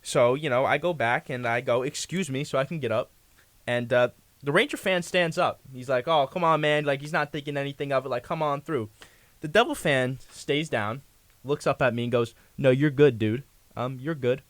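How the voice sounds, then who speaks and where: A man's voice: mid-range voice, moderate pace, dry recording. Rambling young man telling a story. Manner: rambling anecdote full of fillers and restarts. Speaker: guest. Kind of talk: casual storytelling on a talk show.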